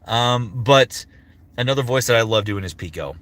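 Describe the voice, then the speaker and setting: At normal speed and in a mid-range voice, a young man runs his live stream as a voice actor, chatting casually with viewers. He's lively and rambling, full of fillers and restarts, swears offhandedly, and drops into character voices between replies.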